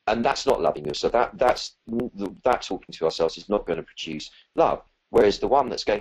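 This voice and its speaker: A man's voice: lowish voice, expressive, normal speed, slightly rough, poor audio. A man answering questions as a spiritual teacher in a live talk, earnest and rambling, with many fillers and restarts.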